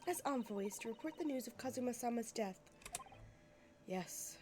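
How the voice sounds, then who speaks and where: A woman voicing a polite, composed young female assistant in a video game, speaking in a measured way. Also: on the high side, expressive, background noise, natural voice.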